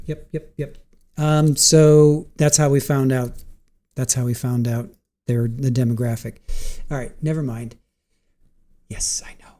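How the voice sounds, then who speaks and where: A man's voice: medium pitch, steady tone, a little slow, dark tone. A middle-aged man hosting a livestream, chatting casually with viewers, tired after a long day, giggly, punch-drunk and repeating himself. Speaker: livestream host. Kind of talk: casual chat with live chat viewers.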